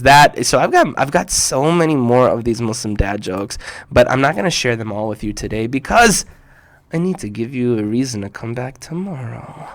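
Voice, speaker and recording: A man hosting a children's show in casual live chat, enthusiastic and exclaiming, repeating punchlines slowly. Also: medium pitch, fairly bright tone. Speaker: host of a kids' show. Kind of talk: casual live chat reacting to viewers' jokes.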